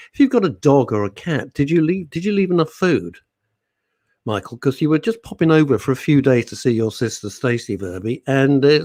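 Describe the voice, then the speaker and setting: A man's voice: medium pitch, no echo. A middle-aged man, hosting live talk radio and reading out listener comments in a playful, teasing way. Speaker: radio show host.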